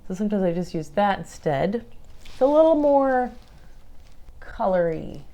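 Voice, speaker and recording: A woman's voice: fairly low pitch, dark tone. A woman chatting through her makeup routine in a casual tutorial, playful and affectionate, calling viewers darlings. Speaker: makeup vlogger.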